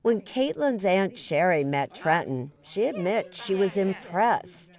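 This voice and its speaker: A woman correspondent narrating a true-crime report and asking interview questions in a measured, deliberate way. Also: medium pitch, sing-song, darkish tone.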